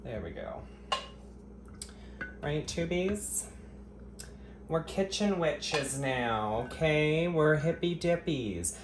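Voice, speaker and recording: Cooking at home for his vlog, this man addresses viewers directly, teasing them in a sarcastic, foul-mouthed, melodramatic style. He speaks extremely slowly with frequent pauses in a slightly high, expressive voice, recorded in an echoey kitchen with faint ambient noise.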